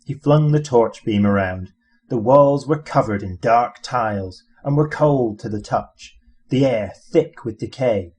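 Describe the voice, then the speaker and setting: A man reading an audiobook in a measured, dry storytelling manner. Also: mid-range voice, a little mellow, slightly rough. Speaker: audiobook reader. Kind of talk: audiobook narration.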